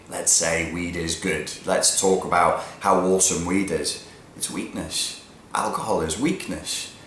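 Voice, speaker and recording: Blunt, profane man ranting. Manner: blunt and profane, swings from low mutters to loud emphatic peaks. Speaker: vlogger giving opinions. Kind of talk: ranting monologue to camera. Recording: roomy echo with faint background noise.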